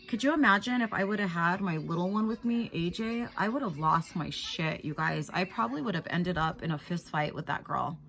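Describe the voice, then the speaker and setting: A woman's voice: mid-range voice, creaky, a bit bright, a little hiss or hum. An upset woman in her thirties talks straight into her camera at home. She rambles and circles back, filling her speech with "like" and "you guys" as she vents. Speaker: vlogger. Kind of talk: casual chat to camera.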